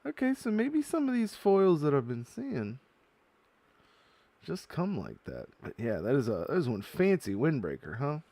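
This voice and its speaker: A man's voice: fairly high pitch, moderate pace, dry recording. A man hosting a casual card-opening video, chatting as he goes and reading card text aloud. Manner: chatty, reads card text aloud, gets loudly excited at good pulls. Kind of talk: casual unboxing commentary.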